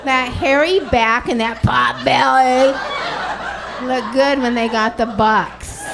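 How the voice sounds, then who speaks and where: A woman doing stand-up comedy, firing quick, wry one-liners and calling out to the crowd. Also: high voice, gravelly, background noise. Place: comedy club stage before a live audience.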